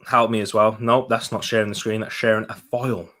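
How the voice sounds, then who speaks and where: Young man, bright voice, chatty stream host, talking with food in his mouth. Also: on the low side, level tone, a little fast. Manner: chatty, laughs often, talks while eating. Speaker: football watch-along host. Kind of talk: casual live-stream chat reading comments.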